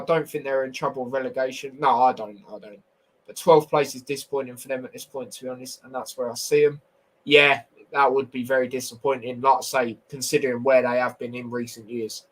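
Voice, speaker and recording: A man's voice: medium pitch, little pitch movement, a little fast, fairly bright tone, rough recording. A young man hosting a casual football review stream, blunt and opinionated with slangy banter. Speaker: football podcast host.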